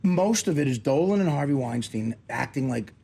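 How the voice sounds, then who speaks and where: Male radio host, gravelly and animated, sarcastic, jokey. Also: medium pitch, moderate pace. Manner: sarcastic, joking, interrupting. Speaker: radio talk show host. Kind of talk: comedic sports talk.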